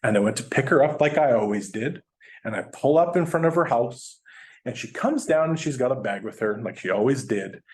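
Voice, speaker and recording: Man, guest speaker, mid-range voice, lively storyteller. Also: medium pitch, a little fast. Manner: animated, chatty, laughs while telling. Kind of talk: storytelling presentation.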